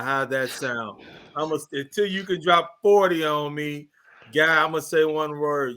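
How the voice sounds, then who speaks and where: A man's voice: on the high side, normal speed, sharp tone. A man with a Missouri accent hosting a casual sports talk show, joking and teasing his co-hosts.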